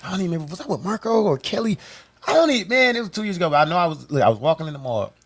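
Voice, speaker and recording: A man in casual chat, telling stories with lively energy and acting out other people's voices. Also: high-pitched, very fast. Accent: Milwaukee, US. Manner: animated storyteller, acts out voices with laughter. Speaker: guest rapper.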